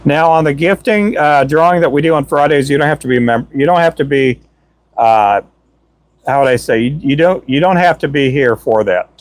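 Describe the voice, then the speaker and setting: A talkative man hosts his own live stream on a desk microphone, with a voice pitched a touch high. He rambles cheerfully and calls himself a chatterbox. His voice sounds a little worn from talking for hours. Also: a little fast, no echo. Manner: chatty, self-described chatterbox; cheerful shout-outs and jokes. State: tired voice from talking a lot. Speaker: livestream host. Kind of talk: casual live-stream chat. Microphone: Donner microphone.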